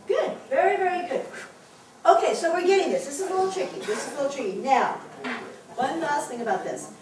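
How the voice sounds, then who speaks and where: High, animated woman teacher, encouraging, recorded from afar in an echoey classroom with students around. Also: a little fast, crowd noise. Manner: encouraging, explanatory, chatty. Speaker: Hebrew teacher. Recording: echoey room, mic far off, class around.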